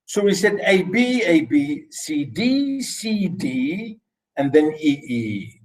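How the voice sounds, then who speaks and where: A man giving a classroom poetry lecture, halting with many fillers and restarts, counting syllables and rhymes aloud. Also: fairly high pitch, sing-song, a little mellow, rough recording. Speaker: literature lecturer. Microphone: recorded lecture.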